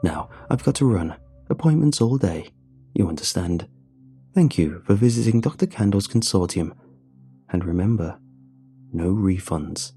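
A man voicing a brisk, smug shopkeeper doctor who hurries a customer out, in a scripted story reading. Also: sits low, expressive, dark tone, slightly rough, soft background music, exaggerated voice. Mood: hurried.

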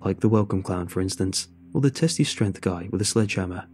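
A man's voice: low voice, fairly quick, a little mellow, soft background music, close to an everyday voice. A man voicing Gary, a blunt, wry, seasoned man in a horror story.

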